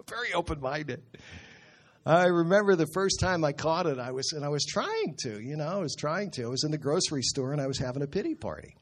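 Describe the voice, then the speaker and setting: A middle-aged man preaching in an earnest, conversational way, slowing down to quote scripture. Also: on the high side, slightly rough. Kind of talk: sermon.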